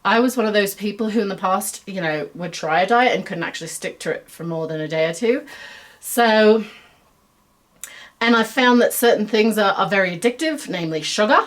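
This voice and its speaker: A woman's voice: medium pitch, lively intonation, moderate pace. American woman in a put-on Australian accent. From United States. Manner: chatty, self-deprecating, many fillers. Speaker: web series host. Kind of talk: rambling stream-of-consciousness monologue.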